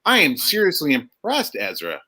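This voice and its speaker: A man's voice: a little high, huge pitch swings, moderate pace, background noise. A man in a casual writers' chat, heaping sarcastic praise. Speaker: sketch writer.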